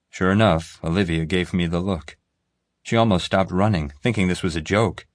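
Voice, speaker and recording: A man giving steady, measured audiobook narration, recorded dry and close. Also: deep voice, dry recording.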